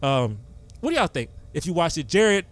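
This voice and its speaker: A young man hosting a podcast, telling sports stories in an excitable, animated way. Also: on the high side, normal speed, a little hiss or hum. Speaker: podcast host. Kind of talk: casual sports chat.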